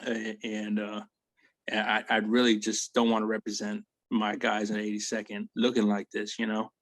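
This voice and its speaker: A man's voice: on the low side, normal speed, no room sound. A man, an Army veteran, telling war stories in a casual interview, swearing freely and acting out what people said. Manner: profane, animated storytelling with acted quotes.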